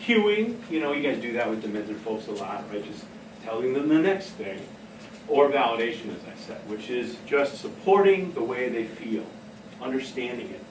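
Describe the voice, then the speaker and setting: A middle-aged man giving a casual talk on behavioral care, telling stories in an animated way and laughing often. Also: mid-range voice, moderate pace, noisy background. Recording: echoey room from far off.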